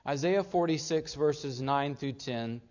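A man's voice: a little high, measured pace, a little mellow. Emphatic male preacher, lo-fi sound. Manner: emphatic, asks the audience rhetorical questions. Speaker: pastor. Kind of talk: sermon.

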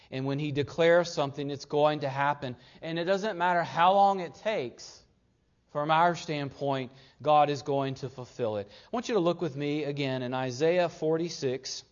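A man's voice: on the high side, highs cut off. A man preaching a sermon, leading his listeners through Scripture with emphatic points and rhetorical questions. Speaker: pastor.

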